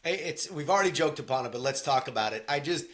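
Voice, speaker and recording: A man co-hosts a podcast, chatting casually about a film in a rambling, jokey way and acting out quotes in silly voices. His voice is on the high side, fast, with lively intonation.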